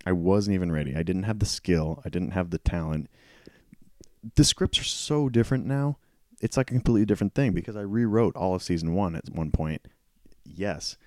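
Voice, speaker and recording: A man with a very low, warm voice hosts a solo podcast, talking frankly and poking fun at himself. His voice is a little worn, and he keeps clearing his throat. The close mic sounds dry, with no room around it. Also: brisk, no echo. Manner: candid and self-deprecating, with frequent laughs. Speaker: podcast host. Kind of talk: casual solo podcast talk.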